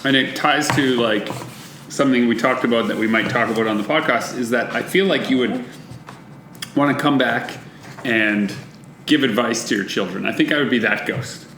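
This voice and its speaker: A man's voice: medium pitch, moderate pace. A man as a podcast guest in casual chat, musing aloud and asking probing questions. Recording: echoey room with faint hiss.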